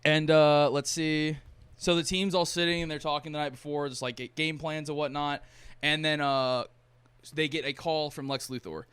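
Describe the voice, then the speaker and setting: A man's voice: a little high, fairly even intonation, normal speed, a bit bright, clear, resonant tone, no echo. A man hosting a podcast, casually retelling a movie plot with lots of swearing and laughter. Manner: profane, laughing storyteller. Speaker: podcast host.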